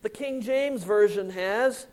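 A male pastor delivers a sermon in an unhurried, measured way. His voice sits fairly high, and he leans on important words before letting each phrase sink to a quieter close. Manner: slow, deliberate, emphatic preaching with drops in volume at phrase ends.

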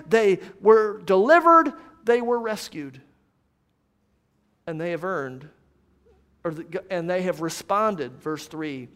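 Slow, high-voiced male preacher. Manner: slow, deliberate, dropping to a hush on somber lines. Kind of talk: expository sermon.

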